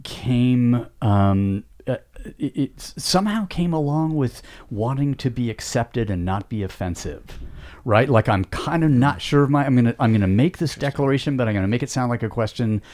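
A man's voice: mid-range voice, lively intonation, normal speed, darkish tone. Hesitant, thoughtful man. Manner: thoughtful, hesitant, many fillers. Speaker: podcast co-host. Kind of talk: casual conversation.

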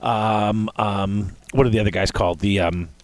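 A man's voice: fairly low pitch, fairly even intonation, normal speed, no room sound. A man hosting a casual hobby chat, rambling with restarts and fillers. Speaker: podcast host.

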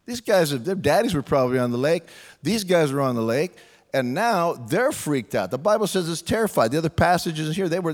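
Male preacher, slightly high voice, casual and humorous sermon delivery, long hall reverb. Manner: conversational, humorous, acts out quotes.

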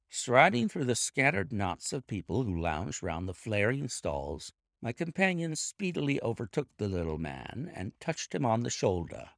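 A man reading a classic detective story aloud as an audiobook narrator, with lively storytelling. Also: mid-range voice, moderate pace, vocal fry, hardly any pauses, no room sound, studio quality. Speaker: audiobook reader. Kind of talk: scripted narration.

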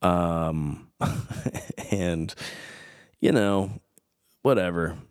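Low-voiced dad rambling casually. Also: male voice, drawn-out words, darkish tone, smooth, no room sound, clean studio sound. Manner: meandering, self-deprecating, goes off on tangents. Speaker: podcast host, father. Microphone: studio microphone.

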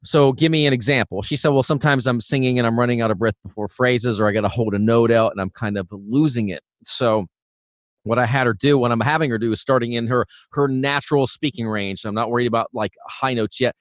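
A man teaching singing in a relaxed, chatty way, full of fillers and restarts. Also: mid-range voice, brisk, dry recording, clean studio sound. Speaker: vocal coach. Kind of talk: casual instructional talk.

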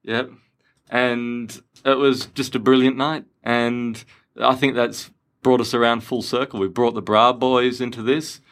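A man's voice: mid-range voice, little pitch movement, a little slow, fairly bright tone. An Australian man co-hosting a podcast, chatting casually and rambling with lots of restarts. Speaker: podcast co-host. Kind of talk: casual chat.

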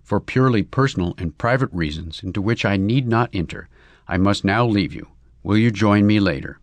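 A man's voice: fairly low pitch, expressive, moderate pace, dry recording, lightly acted. A man doing a florid young English suitor. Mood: hurried. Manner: florid, long-winded declarations.

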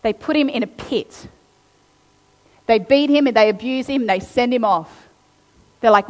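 A woman preaching a sermon, reading scripture aloud and then retelling it with animated, acted-out quotes. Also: a little high, moderate pace. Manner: animated storytelling, acting out quotes. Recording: long hall reverb.

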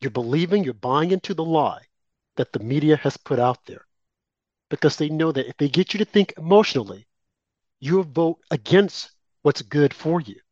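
Guy ranting politics to his cohost, kinda high voice, muffled lo-fi mic, no room echo. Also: animated, moderate pace, a little mellow. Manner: emphatic, heated, addresses co-host directly. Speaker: co-host of political talk show. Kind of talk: opinionated political commentary. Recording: dull, lo-fi and dry.

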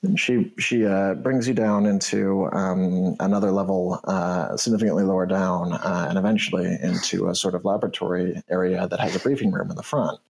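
A man narrating as game master of a tabletop role-playing game, halting and full of fillers. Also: low voice, steady tone, gravelly, darkish tone, poor audio.

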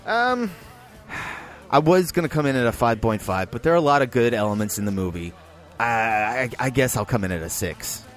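A man co-hosting a film podcast, giving a blunt, heavily profane review in casual chat, his voice jumping high when he gets worked up. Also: animated, moderate pace, soft background music.

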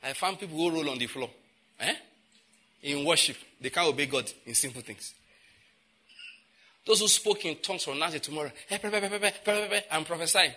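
A Nigerian-accented male preacher with a somewhat high, intensely sharp and forceful voice. He hammers home repeated phrases, drops into pidgin asides and bursts out loudly. The delivery stays emphatic throughout the sermon. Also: a little fast, long pauses. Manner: emphatic, repeating phrases, with sudden loud outbursts.

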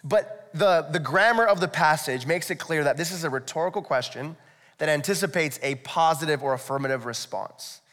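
A man's voice: on the high side, brisk, fairly bright tone. Man preaching in an echoey hall. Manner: conversational, explanatory preaching with rhetorical asides. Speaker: pastor. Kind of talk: sermon. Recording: echoey hall, long reverb.

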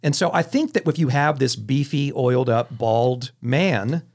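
This film podcast host speaks a little slowly in a mid-range voice. His storytelling is relaxed and conversational, full of lively anecdotes that keep breaking off and starting over.

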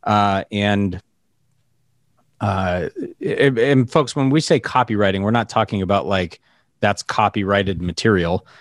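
A man's voice: fairly low pitch, a little slow, dry recording, studio quality. A man interviewing a guest in casual chat, hesitant and restarting his sentences often. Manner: hesitant, many restarts and fillers.

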